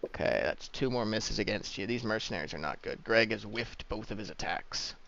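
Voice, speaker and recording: Gravelly-voiced man running the game. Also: fairly low pitch, fairly quick, a bit bright, highs cut off. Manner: casual, swearing, distracted by a cat. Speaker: dungeon master. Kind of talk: running a tabletop game over voice chat.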